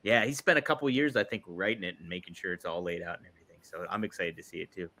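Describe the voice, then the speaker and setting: A man's voice: sits low, quick pace, sharp tone, a little hiss or hum. A man hosting a podcast, chatting with a guest and reading an upbeat ad with wrestling slang. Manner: upbeat, hyping with slang like "this is a shoot". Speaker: podcast host and interviewer. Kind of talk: casual interview and ad read.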